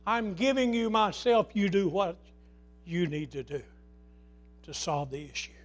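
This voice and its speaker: High-voiced impassioned preacher man. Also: measured pace. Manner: impassioned, swinging from loud to hushed. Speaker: pastor. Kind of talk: sermon.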